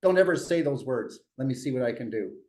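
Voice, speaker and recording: A man leading a real estate sales meeting, telling a story in an animated coaching tone and often restarting his phrases. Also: mid-range voice, brisk. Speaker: real estate team leader.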